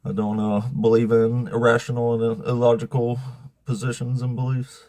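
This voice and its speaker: A man's voice: mid-range voice, monotone, normal speed, a little mellow, no room sound. A man hosting a livestream debate show, joking and laughing often.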